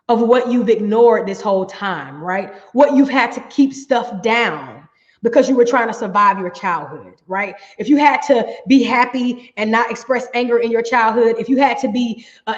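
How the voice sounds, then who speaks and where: A middle-aged woman coach giving a healing workshop talk, emphatic, often checking in with "right?". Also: on the high side. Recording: echoey, dull room sound.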